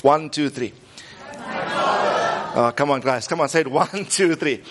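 A man, preaching a lively sermon and coaxing the congregation to repeat lines after him. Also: fairly high pitch, slow pace, crowd noise, background noise. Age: 50s. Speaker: pastor.

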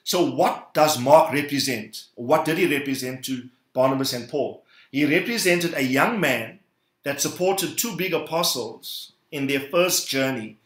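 A man's voice: medium pitch, expressive, measured pace, fairly bright tone, reverberant. A man preaching a sermon, punching key words with sudden emphasis and calling on the congregation to repeat after him. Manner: emphatic, rising bursts, calls the congregation to repeat. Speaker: pastor.

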